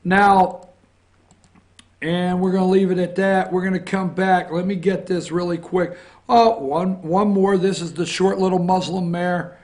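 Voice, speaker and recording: A man's voice: sits high, vocal fry. A man hosting a morning opinion show, talking through the news in blunt, combative, mocking commentary. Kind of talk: rambling political commentary.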